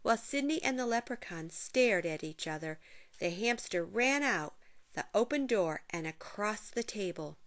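A woman's voice: mid-range voice, lively intonation, moderate pace. A woman reading a children's picture book aloud, expressively, with playful sound effects. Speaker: narrator.

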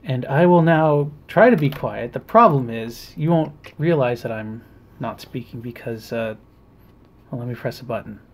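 A man talks through a homemade electronics project in a relaxed demo. He pauses often and fills the gaps with small hesitations. He is speaking at a mid pitch. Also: a little hiss or hum. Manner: halting, many pauses and fillers. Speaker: hobbyist maker. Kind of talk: casual demonstration.

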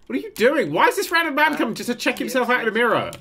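Lively man commentating a game. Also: very high voice, very fast. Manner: excitable, swearing, bursts into laughter. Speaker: gaming channel host.

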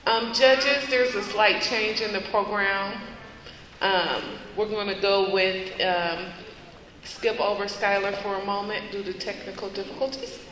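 A woman's voice: mid-range voice, steady tone, unhurried, a bit bright. A woman emceeing a talent show, making casual announcements with some hesitation. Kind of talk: event announcements. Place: large school hall with audience. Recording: echoey hall, crowd behind.

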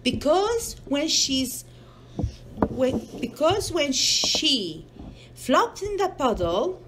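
High lively woman reading to her child. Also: noisy background. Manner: patient, coaxing, simple non-native English. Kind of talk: reading a picture book aloud with questions.

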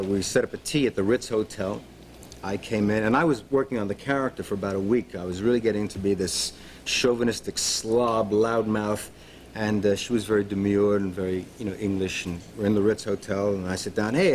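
A man's voice: on the low side, a little fast, slight background noise. Man with a Brooklyn accent telling stories. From Brooklyn, New York. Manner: animated storytelling, acts out voices. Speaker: actor guest. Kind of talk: talk show anecdotes.

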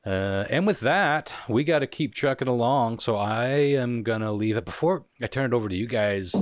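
A man with a very low voice, hosting a casual podcast chat, reading listener letters and laughing often. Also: normal speed, no echo. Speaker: podcast host.

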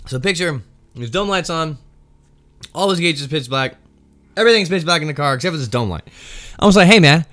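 Young male storyteller, casual vlog, lively swinging voice, dry close sound. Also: on the high side, a little fast, pauses often, no echo. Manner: animated, rambling, wry. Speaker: firefighter storyteller.

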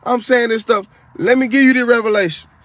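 A man's voice: extremely high pitch, fairly even intonation, fairly quick, fairly bright tone, no echo. A man telling the story of a dream in a casual, emphatic testimony style, repeating himself for effect and dropping into preachy asides. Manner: casual colloquial speech. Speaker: video creator retelling a dream.

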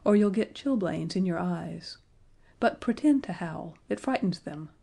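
A woman voicing a bold young boy in a storybook, loud and blustering. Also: on the low side, lively intonation, a little slow, gravelly, exaggerated voice. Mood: urgent. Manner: loud and shouting.

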